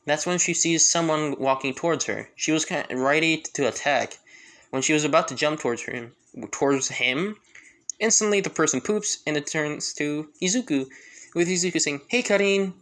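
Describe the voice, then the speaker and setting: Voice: medium pitch, moderate pace, fairly bright tone. A storyteller improvising a fan story, rambling with frequent restarts and fillers. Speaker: fan fiction narrator.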